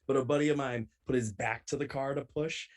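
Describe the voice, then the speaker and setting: A man's voice: mid-range voice, brisk. A man guesting on a podcast, telling prank stories in a casual, playful way and acting out what people said. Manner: animated, playful, acts out quotes. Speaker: podcast guest, pro wrestler. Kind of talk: casual storytelling.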